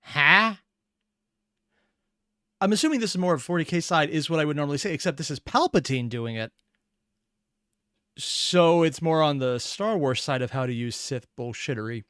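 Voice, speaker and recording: A man casually reacting to a video, chatty and excitable, swearing freely. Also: on the high side, fairly quick, clean tone, no room sound, studio quality.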